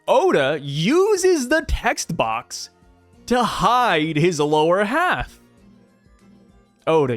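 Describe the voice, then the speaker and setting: A man hosting a comic review channel, talking through a new chapter in a casual, animated, jokey way and thinking out loud. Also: sits high, dry recording. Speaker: manga review channel host. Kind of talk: casual commentary video.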